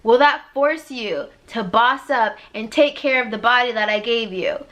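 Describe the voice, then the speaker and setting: A woman giving a motivational spiritual talk as a life coach, emphatic and repetitive with a chatty "like". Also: unhurried. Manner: emphatic and preachy, acting out God's voice with loud high swoops; repetitive, conversational, with frequent "like". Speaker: life coach and podcast host.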